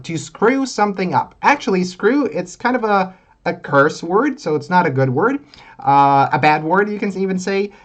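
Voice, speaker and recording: A man teaching English in a live online lesson, explaining phrases in an easygoing way with many fillers. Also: on the high side.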